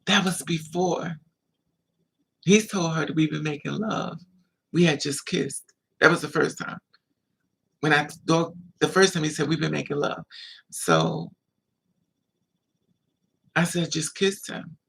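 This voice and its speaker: A man's voice: on the high side, expressive, unhurried, gravelly, pauses often, fairly bright tone, slightly rough. A man casually telling a long personal story to the camera, chatty and digressive, with laughing asides. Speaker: vlogger. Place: indoors, at home.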